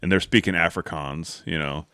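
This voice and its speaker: A podcast host with a low, steady voice tells a hunting story at a moderate pace, his tone pushed, bright and clean. He rambles casually, piling on "like" and "right?" and acting out the people involved. The recording is dry and studio quality.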